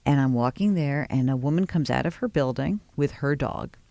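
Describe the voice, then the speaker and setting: A woman hosting a radio show in a broadcast studio, chatting with a guest and telling stories with animated delivery. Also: a bass voice, normal speed, vocal fry, no echo. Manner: lively storyteller, acts out voices. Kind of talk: casual interview chat.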